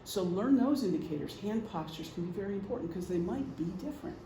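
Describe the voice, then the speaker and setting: A man's voice: sits high, expressive, quick pace, mellow. A middle-aged man giving an informal presentation to a group, talking conversationally with examples and frequent ums. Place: meeting room. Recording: echoey room, faint hum.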